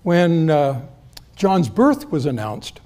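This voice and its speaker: A man with a slightly raised pitch delivers a sermon as pastor. He teaches in an easy, conversational way and turns to the congregation with questions as he explains. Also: sing-song, slow, a little mellow. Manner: conversational Bible teaching, addresses the congregation directly.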